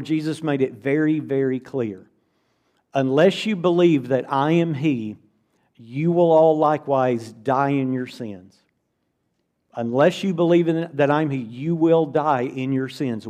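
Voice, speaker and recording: A man's voice: fairly high pitch, a little mellow. A middle-aged man preaching a conversational, earnest sermon to a church congregation, often repeating words for emphasis.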